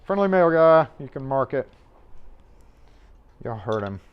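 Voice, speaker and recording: A man's voice: medium pitch, big pitch swings, measured pace, smooth, muffled recording. A man hosting a casual locksmith livestream from his shop, rambling and offhand, cursing now and then as he works on a lock. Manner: rambling, offhand, swears and chuckles while working. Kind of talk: casual live-stream chat. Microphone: mobile mic.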